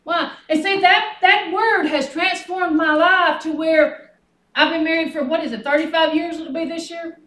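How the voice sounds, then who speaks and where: High-voiced woman preaching. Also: steady tone, moderate pace, pushed and bright. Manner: folksy, calls on the congregation for responses. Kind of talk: sermon. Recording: echoey room, mic at a distance, noisy.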